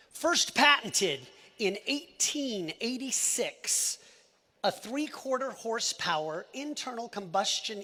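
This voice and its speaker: A man giving an emotional presentation on stage at a live company event, swinging between shouted lines and hushed asides. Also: high-pitched. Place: event stage before an audience.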